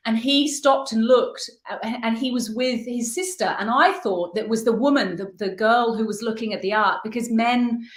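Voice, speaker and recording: A middle-aged woman from the United Kingdom, a guest artist telling her story in an interview, earnest and reflective, pausing as she searches for words. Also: on the high side. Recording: echoey room.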